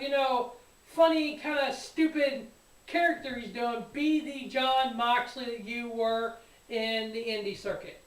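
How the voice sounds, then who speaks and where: A man hosting a sports show, recapping a wrestling event in an excitable, rambling, profane way. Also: extremely high pitch. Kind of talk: casual wrestling review. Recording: echoey room, voice a bit far from mic.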